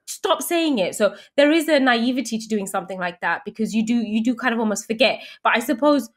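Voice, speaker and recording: A woman chats as a guest, spilling her story in a quick, lively rush with plenty of likes and restarts. Her voice sits on the higher side and bounces around. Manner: animated storyteller, many fillers and restarts. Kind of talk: casual interview chat.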